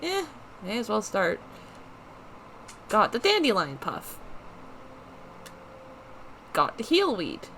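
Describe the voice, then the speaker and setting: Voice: medium pitch, wildly swooping pitch, slow, creaky, pauses often, fairly bright tone, slight background noise. Chatty let's play commentator. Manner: chatty, rambling, self-correcting asides. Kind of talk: casual game commentary.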